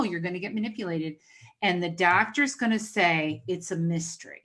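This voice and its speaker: A woman's voice: fairly low pitch, normal speed, a bit bright. A woman hosting a podcast, telling stories in a casual chat and acting out the dialogue she quotes. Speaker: podcast host.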